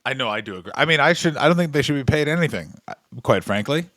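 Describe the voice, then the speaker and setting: A man's voice: medium pitch, fast talker, no room sound. A man co-hosting a comedy podcast, telling stories in casual chat, sarcastic and profane. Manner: animated storyteller, profane, sarcastic.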